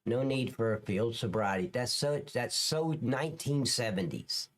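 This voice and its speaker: A man at an ordinary middle pitch holds a profane, scornful rant as he comments live on police footage. He talks loud and blunt, swearing freely between points. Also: animated, moderate pace. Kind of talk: ranting reaction commentary.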